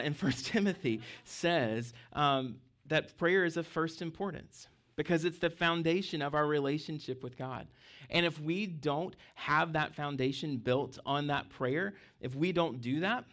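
A man's voice: medium pitch, gravelly, a bit bright. A man, a pastor, preaching a conversational sermon, checking in with the congregation and laughing between points. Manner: conversational preaching with frequent "okay?" check-ins.

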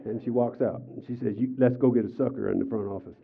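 An older man preaching a sermon as pastor, telling personal stories with animated, acted-out quotes. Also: medium pitch, fast, gravelly. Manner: animated storytelling, acts out quotes with raised voice. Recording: tinny phone-like sound.

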